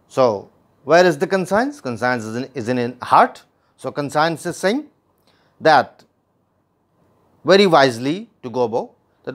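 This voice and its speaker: Lively man explaining a play. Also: mid-range voice, measured pace, long pauses. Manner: explains each line, then restates it in simple words. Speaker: literature teacher.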